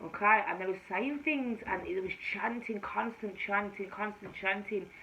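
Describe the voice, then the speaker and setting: A woman with a Jamaican-tinged accent tells her spiritual testimony straight to camera, emphatic and vivid, her voice dropping low and then rising loud. Her pitch sits in the middle of the usual female range. The recording sounds a little dull, with a faint room ambience behind her. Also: normal speed, slight background noise. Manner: emphatic storytelling, often swinging between hushed and loud. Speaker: tarot reader and spiritual mentor. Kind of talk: personal testimony told to camera.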